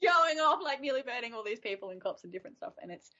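A woman co-hosting a casual chat, retelling a story in an animated way with frequent giggles. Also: on the high side, fast. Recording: dull lo-fi audio.

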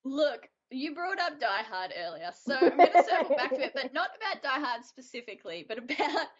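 A woman co-hosting a casual chat, retelling a story in an animated way with frequent giggles. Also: sits high, a little fast, crowd noise. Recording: dull lo-fi audio.

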